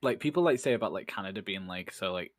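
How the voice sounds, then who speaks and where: A man's voice: low-pitched, lively intonation, quick pace. A man from the United Kingdom chatting on a podcast, filling his talk with "like" and laughing often. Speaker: podcast co-host. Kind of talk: casual chat.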